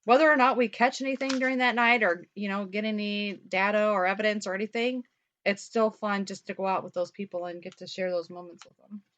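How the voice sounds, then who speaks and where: A woman's voice: medium pitch, steady tone, a little fast, a bit bright, slight background noise. A young woman co-hosting a talk show, rambling in casual chat full of "like" and the odd swear word. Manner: rambling, chatty, peppered with "like" and mild swearing. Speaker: podcast co-host. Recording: dull lo-fi recording.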